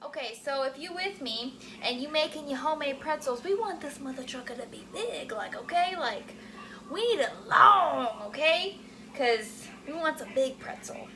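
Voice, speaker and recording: A young woman talking casually while cooking at home, animated and swearing freely as she asks her viewers "okay?" all the time. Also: sits high, moderate pace, slight background noise, low-quality recording. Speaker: cooking vlogger. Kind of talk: casual chatty cooking vlog.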